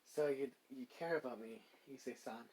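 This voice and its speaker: A gentle young woman who speaks softly and thanks those around her, her lines coming out halting and full of restarts. A man reads her in a near-ordinary voice. The delivery sounds like a casual spoken fan story. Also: medium pitch, breathy edge, close to an everyday voice, rough recording. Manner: halting, with filler words and restarts.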